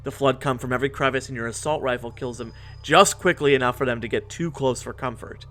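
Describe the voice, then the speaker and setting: A man's voice: medium pitch, fast, fairly bright tone, soft background music. A man in his twenties narrating a scripted video essay in an earnest, reflective way.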